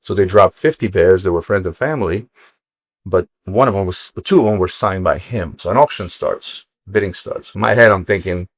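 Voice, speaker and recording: A middle-aged man from Ukraine, a watch dealer, telling stories in casual chat, animated and swearing freely. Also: low voice, moderate pace, no room sound, clean studio sound. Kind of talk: casual storytelling.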